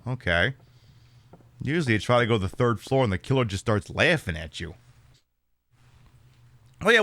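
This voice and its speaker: Male streamer, casual let's-play talk, sarcastic and rambling, a touch high, very animated pitch. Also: no echo. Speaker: streamer playing a horror game.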